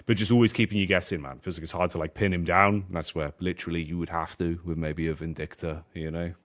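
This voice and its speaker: Deep-voiced casual male esports caster. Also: fairly even intonation, quick pace, a bit bright. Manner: casual, chatty, rhetorical questions. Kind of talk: esports draft analysis commentary.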